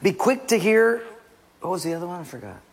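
A male preacher delivers an emphatic sermon, often dropping his voice to a hush. His voice sits fairly high and sounds gravelly and husky. A long reverb from a large hall trails each phrase. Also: sing-song, a little fast. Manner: emphatic, dropping to near-whispers.

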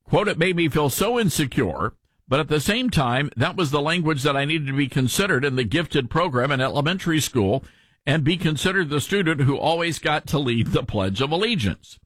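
A man with a light Tennessee Southern accent hosting a talk radio show, folksy and animated in his commentary. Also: fairly high pitch, brisk, husky, no room sound.

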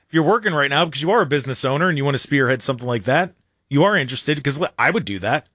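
A man's voice: mid-range voice, rapid-fire, breathy edge, dry recording, clean studio sound. A man hosting a casual political talk radio show, chatting animatedly and often restarting his sentences. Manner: animated, talks in restarts and repeats.

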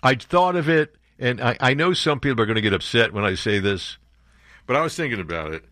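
A man's voice: mid-range voice, animated, fairly quick, pushed and bright, no room sound, studio quality. An older man from New York hosting a talk radio show, delivering sarcastic, mocking, opinionated commentary.

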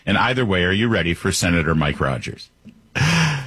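A man's voice: low-pitched, big pitch swings, fairly quick, a bit bright, slightly rough, no echo. A man hosting a political talk radio show, giving opinionated commentary in a conversational way with frequent fillers.

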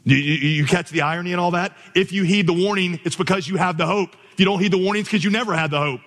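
A man preaching a sermon from a church stage, telling vivid stories with exclamatory, animated delivery. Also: high voice, quick pace, big-room sound. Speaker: pastor.

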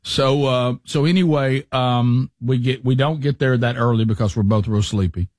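A man's voice: medium pitch, normal speed, no room sound. A middle-aged man, telling a long casual story to his co-hosts and acting out the quotes in it. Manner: animated storyteller, acts out quotes.

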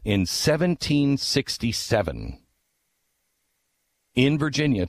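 A man telling a history story with passion, asking rhetorical questions and dropping low for asides before pushing his voice up for key points. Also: no echo. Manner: emphatic, rhetorical questions, swings between low hushed asides and raised urgent lines. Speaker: speaker on history. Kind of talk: impassioned storytelling talk.

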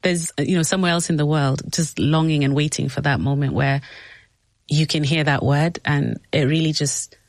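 Gentle, supportive woman interviewer. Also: low-pitched, normal speed, dry recording. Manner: gentle and supportive, reflecting back on what the guest says. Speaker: host. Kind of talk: interview conversation.

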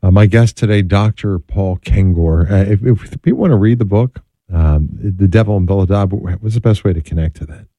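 Deep-voiced male radio host. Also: normal speed, warm tone, no echo. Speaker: radio talk show host. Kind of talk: radio show hosting. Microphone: studio microphone.

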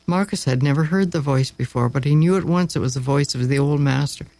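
A man narrating a story aloud, expressive and dramatic, with slow pauses for effect. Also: a little high, dry recording, low-quality recording.

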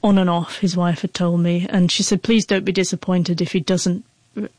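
A woman with a lowish, slightly mellow voice speaks at a normal speed in a level tone, recorded dry. She is an author appearing as an interview guest, sharing an emotional personal story with heartfelt feeling while a stutter breaks her words with repeated sounds.

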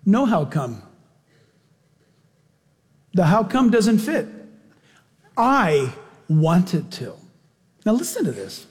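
Animated high-voiced preacher in a hall. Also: male voice, extremely slow, long pauses. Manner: animated, folksy preaching with rhetorical questions. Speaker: pastor. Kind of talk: sermon. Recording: long hall reverb.

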